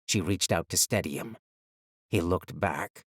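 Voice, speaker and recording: Male audiobook narrator, low-pitched, dramatic and measured, dry studio read. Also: no room sound. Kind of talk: scripted fantasy narration. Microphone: close studio mic.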